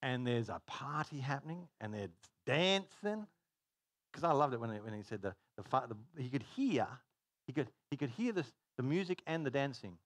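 A man preaching a sermon, telling stories in an animated way and laughing at his own jokes. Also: mid-range voice, normal speed, no room sound, studio quality. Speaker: pastor.

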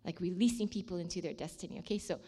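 A woman's voice: lowish voice, rapid-fire, warm tone, husky. Woman telling an emotional faith testimony. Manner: emotional storytelling, dropping to near-whispers at dramatic points. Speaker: ministry leader sharing a testimony.

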